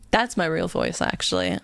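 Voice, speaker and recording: This is a woman streamer on a casual live stream, giggly and quick to swear. Her voice has a gravelly, fried edge and is pitched in the middle range. The desk-mic sound is dry, with no room around it. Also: dry recording. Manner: chatty, giggly, swears freely. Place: home streaming setup.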